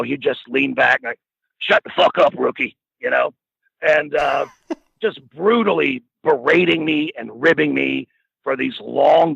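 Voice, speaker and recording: A middle-aged man, appearing as a storyteller guest, tells a rambling, profane anecdote casually, often laughing along. His mid-range voice is creaky and fairly bright with a breathy edge, in a dull, lo-fi, dry recording without room sound.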